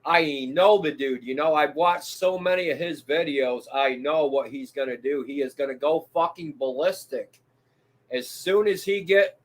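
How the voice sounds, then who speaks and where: A man's voice: fairly high pitch, a bit bright. A man chatting casually and bluntly, heated and swearing freely. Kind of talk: casual profane chat.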